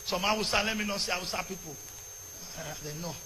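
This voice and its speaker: A man with a Nigerian accent giving a fiery sermon-style rant, often shouting and slipping into pidgin. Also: high voice, brisk, in a large hall, slight background noise.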